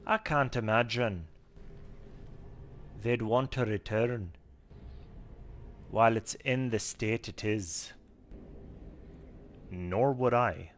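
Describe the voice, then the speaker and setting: A man's voice: fairly low pitch, expressive, normal speed, gravelly, few pauses, a bit bright, a little hiss or hum. A man reading the lines of a game's adventurer hero in a plain, everyday voice.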